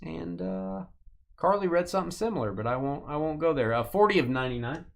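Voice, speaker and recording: A man's voice: on the high side, animated, brisk, gravelly. A man hosting a live card break, chatting casually and joking while calling out player names from the packs.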